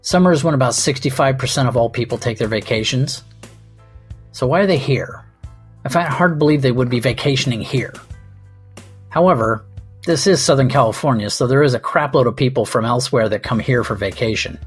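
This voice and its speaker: A man's voice: mid-range voice, brisk, husky, faint music behind. A man hosting a comedy podcast, delivering a wry, rambling, self-mocking monologue.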